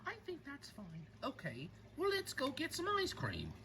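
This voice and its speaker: A woman's voice: sits high, huge pitch swings, moderate pace, heavy background noise. A young woman playing pretend with toys, switching playfully between character voices.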